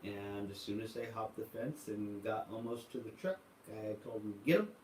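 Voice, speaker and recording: A man's voice: on the low side, little pitch movement, normal speed, darkish tone, slight background noise. A man hosting a casual livestream, telling rambling stories full of fillers and reading viewer comments aloud. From United States. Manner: rambling storytelling with many fillers. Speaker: livestream host. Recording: echoey room, voice from far off.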